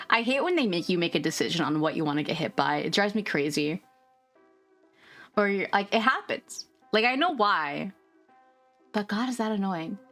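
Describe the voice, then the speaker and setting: Jumpy giggly woman streamer yapping over a game, really lively pitch, faint music behind. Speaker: VTuber streamer. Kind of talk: casual live game-stream chatter.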